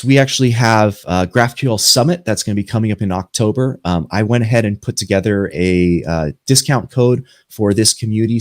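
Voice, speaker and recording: A man giving a relaxed, conversational tech presentation and answering panel questions. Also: lowish voice, no room sound, studio quality. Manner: relaxed, conversational explainer with fillers. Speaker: presenter from a software company. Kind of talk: conference pitch and panel Q&A.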